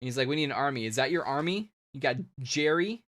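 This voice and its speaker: A man's voice: mid-range voice, lively intonation, fast talker, a bit bright. A man hosting a comics live stream, chatting loosely and ranting to his viewers. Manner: loose, ranting, laughing, talks to chat. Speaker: comics show host. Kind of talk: casual live-stream wrap-up.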